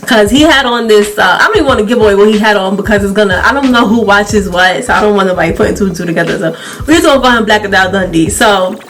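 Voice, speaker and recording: A young adult woman vlogger in a casual storytime, chatty and animated, often breaking into laughter. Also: mid-range voice, fast talker, faint music behind.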